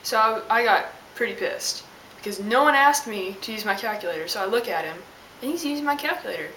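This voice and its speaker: A woman's voice: a little high, animated, a little fast, sharp tone. A young woman telling an exasperated, sassy story as a casual vlog rant. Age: young adult. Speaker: vlogger. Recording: roomy, distant mic with hiss.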